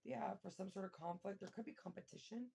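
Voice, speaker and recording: A woman giving a casual tarot reading, thinking aloud and breaking into excited exclamations and mild swearing. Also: mid-range voice, fast talker, creaky, husky. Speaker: tarot reader.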